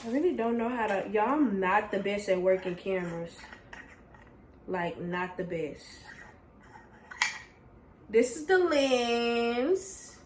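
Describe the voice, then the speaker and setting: A woman's voice: medium pitch, slow, pauses often, roomy sound, a little hiss or hum. A young woman gushing her way through a casual unboxing vlog, talking straight to her viewers. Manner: gushing, excitable, talks straight to viewers with "y'all". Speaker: vlogger.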